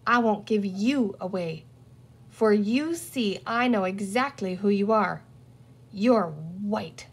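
A woman's voice: medium pitch, slow, breathy edge. A woman reading a storybook aloud and voicing a sly, theatrical male pirate villain with a mock-courtly, gloating manner. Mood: sly whisper.

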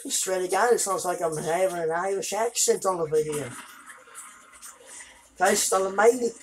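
A woman doing let's play commentary, exasperated and swearing, with loud outbursts. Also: medium pitch, noisy background. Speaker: gameplay video creator.

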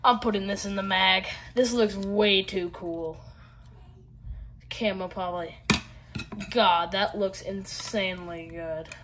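A woman's voice: medium pitch, fairly even intonation, takes it slowly, background noise. A woman with a Southern US accent chatting casually to viewers while she opens card packs, with lots of fillers. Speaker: card-opening vlogger. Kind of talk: casual pack-opening chat.

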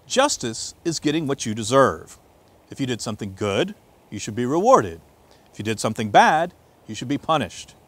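A man preaching as a pastor, reading scripture aloud and telling stories in an expressive way, swinging between loud and hushed. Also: medium pitch, moderate pace.

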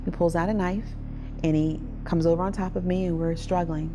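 A woman's voice: lowish voice, fairly even intonation, a little fast, noisy background. A woman survivor telling her own story in an interview, vivid and personal, acting out what people said. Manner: vivid storytelling, acts out quoted voices. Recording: music bed underneath.

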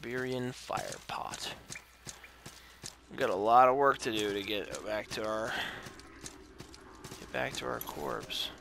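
A man's voice: fairly low pitch, unhurried, gravelly, pauses often, noisy background. A man commentating his own video game play, talking to himself, reading game text aloud and yelping and groaning at setbacks into a desk microphone. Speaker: let's play host. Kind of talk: gameplay commentary.

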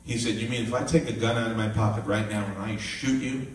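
Animated minister preaching in an echoey room. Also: male voice, on the low side, fast talker. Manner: lively storytelling, animated voices for quotes. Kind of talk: sermon with personal story. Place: live church gathering. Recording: echoey room, mic at a distance, faint noise.

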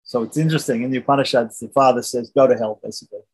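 A man's voice: mid-range voice, fairly even intonation, very fast, a little mellow, slightly rough. A man teaching a scripture class, retelling a story in a conversational way and often checking in with the listeners. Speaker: religious teacher.

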